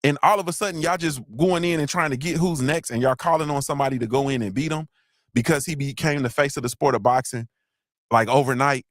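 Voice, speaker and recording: Animated, profane podcast host man. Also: mid-range voice, fast talker, dry recording, studio quality. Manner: animated, profane, rambling with restarts. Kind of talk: casual solo podcast talk.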